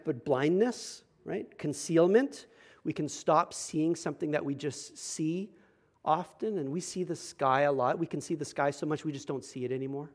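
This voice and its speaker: His voice a little high, a young adult pastor delivers a sermon built on a personal anecdote, dropping to hushed asides and then rising into loud emphasis.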